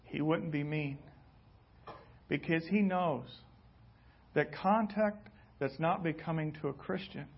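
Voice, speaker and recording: Slow-preaching male pastor. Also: a little high, vocal fry, breathy edge. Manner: dramatic storytelling, slow and deliberate. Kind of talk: sermon. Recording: dull lo-fi recording.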